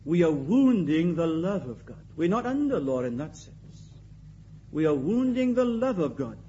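A man preaching a sermon in an emphatic way, repeating his key phrases and swinging between loud and quiet. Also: on the high side, very animated, measured pace, highs cut off, a little hiss or hum.

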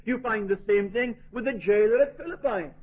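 A man's voice: high voice, moderate pace, slightly rough. A man preaching a sermon in an earnest, emphatic way, asking rhetorical questions. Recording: tinny phone-like lo-fi recording.

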